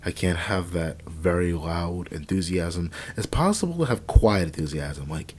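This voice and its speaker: A young man quietly commenting on a truck driving game at home at night, rambling with lots of fillers and restarts on a cheap desk microphone. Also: low-pitched, expressive, measured pace, few pauses, a little hiss or hum. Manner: hushed, quiet talking to avoid waking family. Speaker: let's play gamer. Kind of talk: casual gameplay commentary.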